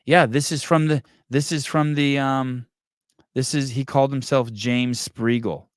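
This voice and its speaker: A man's voice: medium pitch, steady tone, unhurried, clean tone, no echo, clean studio sound. A man hosting a podcast in casual chat, reading live comments and ranting in a rambling, profane way with many restarts. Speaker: podcast host.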